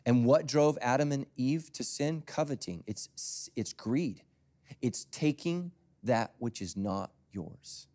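Animated male pastor preaching. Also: mid-range voice, slow pace. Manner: conversational, storytelling, swings between loud emphasis and near whispers. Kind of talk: sermon.

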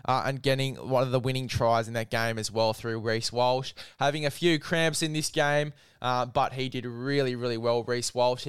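A man hosting a laid-back footy chat, full of enthusiasm and matey banter. His voice is smooth and clear, recorded dry and close with no room sound. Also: medium pitch, no echo. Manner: matey, enthusiastic, says "mate" constantly. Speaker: podcast host. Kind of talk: casual sports chat.

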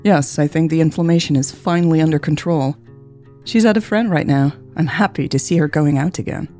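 A wry, teasing woman doctor from a storybook, voiced by a woman reading aloud. She sounds low and mellow and gently mocks her sister. A soft guitar plays faintly behind her. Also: a little fast, natural voice. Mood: dry, teasing.

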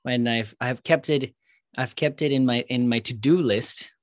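A man in conversation keeps asking curious follow-up questions, with a light, wry humour. His mid-pitched voice sounds dry and close, with no room echo. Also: moderate pace. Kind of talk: casual chat.

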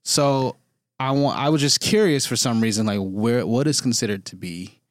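A man's voice: medium pitch, normal speed, dry recording, studio quality. A young man from Detroit with a Detroit accent, hosting a casual podcast chat and telling stories with easy laughs. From Detroit, USA. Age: young adult. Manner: laid-back storyteller, laughs often. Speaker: podcast host.

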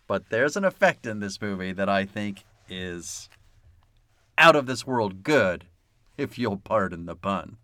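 A man's voice: on the low side, very animated, a little slow, pushed and bright, no room sound, studio quality. A man hosting a casual movie podcast, laughing often and joking with his co-host.

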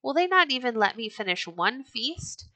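A woman's voice: fairly high pitch, very animated, normal speed, sharp tone, no room sound, voice pushed up, rough recording. A woman voicing a bold, hot-tempered red-bearded Viking chieftain in a storybook reading, with a hearty, declaiming manner. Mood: angry.

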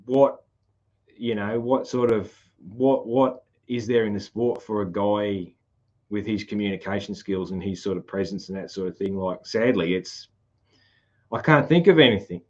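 A man's voice: lowish voice, moderate pace, dull audio. A man with a broad Australian country accent, hosting a casual podcast chat, rambling and laughing often. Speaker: podcast host.

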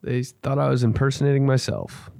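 A man's voice: mid-range voice, steady tone, a little fast, creaky, warm tone, dry recording. A young man hosting a podcast, telling rambling casual stories and acting out the people in them. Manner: rambling, acts out quoted people in his stories. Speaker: podcast host. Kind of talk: casual storytelling.

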